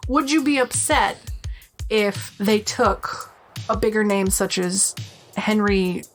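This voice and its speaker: A woman's voice: medium pitch, faint music behind. A woman in her thirties from Rhode Island with a Rhode Island accent, co-hosting a casual podcast chat, blunt and fond of swearing. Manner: blunt, swears, quick asides. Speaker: podcast co-host.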